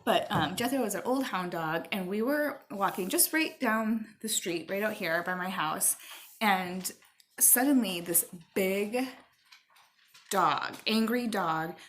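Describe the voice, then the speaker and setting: A woman's voice: fairly low pitch, a bit bright. Woman, middle-aged, casual storytelling, rambling with fillers, faint background noise, at home. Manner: chatty, rambling with fillers, stops to talk to her child. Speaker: vlogger.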